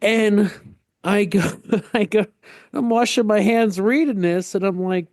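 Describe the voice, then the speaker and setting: A man's voice: high voice, steady tone, slow, a little mellow, dry recording, studio quality. A middle-aged man from the Northeast United States, co-hosting a podcast and telling a long rambling anecdote in casual chat, acting out the quotes. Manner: rambling, self-interrupting anecdote with acted-out quotes. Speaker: podcast co-host.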